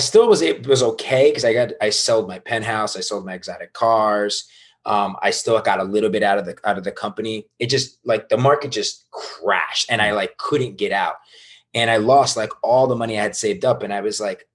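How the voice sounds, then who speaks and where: A man's voice: on the low side, fairly bright tone. A man in his thirties, a guest entrepreneur, telling his life story in a casual interview with emphatic, casual delivery.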